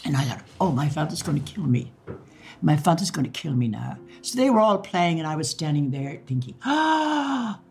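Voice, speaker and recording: A woman's voice: low voice, fairly quick. An older woman with an Irish accent, recounting memories in an interview, acting out old conversations and laughing now and then. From Ireland. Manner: lively storyteller who acts out quoted dialogue and laughs.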